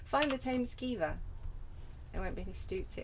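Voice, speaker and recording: A woman's voice: a little high, lively intonation, moderate pace, noisy background. Chatty woman streaming a game. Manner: chatty, self-mocking, bantering. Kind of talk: casual gameplay commentary.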